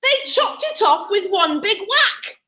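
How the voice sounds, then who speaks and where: Lively woman teacher telling a story. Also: extremely high pitch, unhurried. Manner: animated, playful, directing children. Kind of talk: storytelling assembly. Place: school hall.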